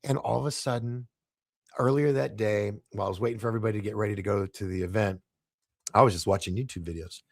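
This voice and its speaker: A middle-aged man, a podcast guest, telling animated anecdotes and acting out the dialogue in shifting voices. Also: fairly low pitch, fast, dry recording, clean studio sound. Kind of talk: casual storytelling in a podcast interview.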